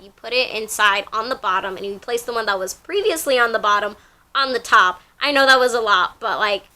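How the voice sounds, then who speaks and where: A woman's voice: mid-range voice, sharp tone. A young woman telling a rambling, casual story from her job, full of fillers and repeats.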